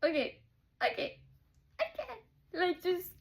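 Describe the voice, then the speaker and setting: A young woman chatting about a book she is reading for her viewers. She is candid and gushing, and her voice sits on the high side. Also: lively intonation, unhurried, pauses often. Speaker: book vlogger. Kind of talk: casual chat while reading aloud.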